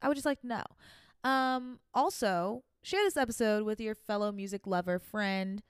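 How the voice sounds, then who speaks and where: A young woman hosting a casual podcast, chatty and animated, swearing now and then. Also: medium pitch, normal speed, smooth, no room sound, clean studio sound. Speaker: podcast host. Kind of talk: casual chat.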